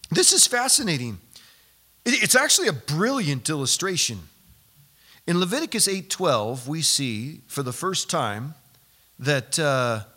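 A man preaching a sermon, telling a story with lively energy and acting out the people he quotes. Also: a little high. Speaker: pastor.

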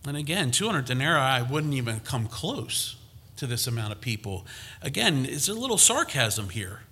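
A man's voice: mid-range voice, sing-song, moderate pace, pushed and bright, slightly rough. A man preaching a conversational sermon, reading scripture and rising to emphatic peaks.

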